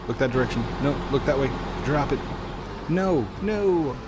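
A man's voice: medium pitch, flat delivery, fast, very noisy. A man casually commenting while he plays a building game, chatting to himself and his viewers. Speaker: let's play host.

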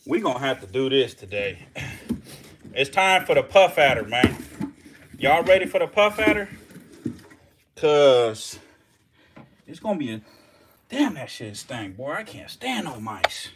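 Speaking in a sing-song medium-pitched voice at a measured pace with long pauses, a male vlogger feeds his snakes against a noisy background. He curses, jokes, laughs at himself, and talks to the snakes and mice. He films on a handheld camera, setting it down at times.

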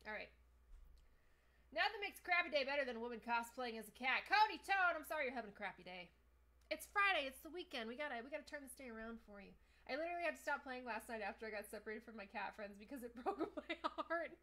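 A woman's voice: high-pitched, lively intonation, fast talker, sharp tone. A young woman casually commenting on a game as she plays it, reading chat aloud and swearing often. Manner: chatty, swears a lot, reads chat aloud. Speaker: streamer. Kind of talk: live gameplay commentary.

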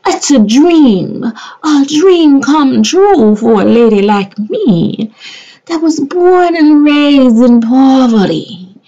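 A woman's voice: sits high, lively intonation, takes it slowly, dark tone, voice pushed up, full character voice. A woman voicing a melodramatic, gushing narrator with a theatrical, sobbing delivery. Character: melodramatic gushing woman doing a tearful, over-the-top voice-over. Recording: dull lo-fi sound.

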